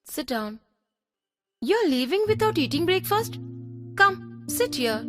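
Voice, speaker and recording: A woman's voice: very high-pitched, sing-song, slow pace, music in the background, exaggerated voice. An actress playing an affectionate young wife who coaxes and teases her husband in dubbed film dialogue. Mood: tender. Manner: tender, coaxing.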